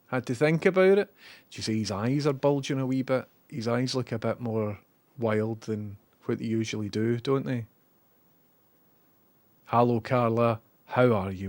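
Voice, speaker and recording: A man's voice: mid-range voice, moderate pace, no echo. A man hosting a live stream, chatting wryly and reading viewer messages. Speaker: livestream host. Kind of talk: casual live commentary.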